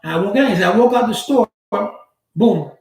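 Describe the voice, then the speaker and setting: A man telling a personal story in a casual, blunt way, with street slang and swearing. He acts out the other people's lines with sudden jumps in pitch. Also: normal speed, reverberant, rough recording. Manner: animated, acts out quoted dialogue with big pitch jumps. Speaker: channel host.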